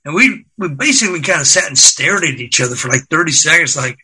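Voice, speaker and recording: Bright-voiced older man telling stories. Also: on the high side, fast, few pauses, husky, poor audio. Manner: animated, acts out quotes, laughs along. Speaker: guest, record executive. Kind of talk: anecdotal storytelling.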